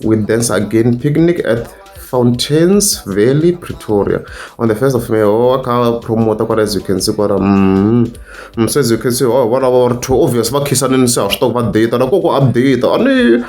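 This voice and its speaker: A man's voice: medium pitch, a little fast, mellow. A man, mixing English and Tsonga as he comments casually while scrolling through social media posts, humming and musing aloud. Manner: mixes English and Tsonga, hums and muses aloud. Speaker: entertainment commentator.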